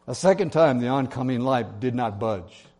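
A man's voice: medium pitch, expressive, moderate pace, a little mellow. A male pastor preaching a sermon, telling an illustrative story in an earnest way.

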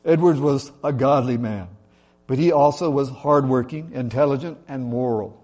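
Man, pastor, sermon in a church, mellow warm tone, relaxed talky delivery, lots of uh and um. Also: mid-range voice, moderate pace. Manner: conversational preaching with fillers, rising on lists.

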